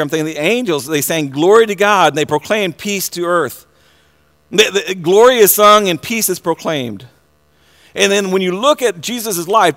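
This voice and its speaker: A man preaching a sermon, earnest, often repeating words and restarting, then building to loud excited passages. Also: on the high side. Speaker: pastor.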